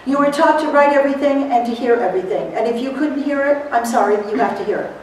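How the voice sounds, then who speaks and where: Animated woman lecturing in an echoey hall. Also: sits high, quick pace, slight background noise. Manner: animated storyteller, laughs often, acts out quotes. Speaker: seminar speaker for court reporters. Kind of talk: motivational seminar talk. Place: seminar hall. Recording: echoey hall, recorded from far off.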